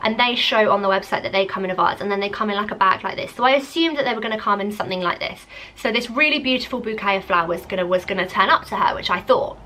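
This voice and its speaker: A woman's voice: mid-range voice, quick pace, few pauses, slight background noise. A young woman, chatting casually as she tells a story to camera, saying "like" constantly. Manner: chatty, animated, lots of "like". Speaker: vlogger.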